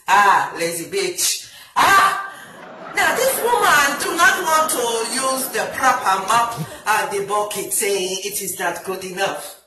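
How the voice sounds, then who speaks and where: A woman with a Jamaican accent doing a comic phone-call monologue, loud and indignant, mixing patois with New York slang. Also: medium pitch, echoey room, distant mic, slight background noise. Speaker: comedy sketch performer.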